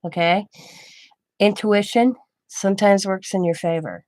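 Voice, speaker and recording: A woman's voice: medium pitch, fairly even intonation, unhurried, a little mellow, no room sound. A grandmother who hosts a craft channel, telling a personal story in a rambling, chatty way and quoting others in her own voice. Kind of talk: casual storytelling.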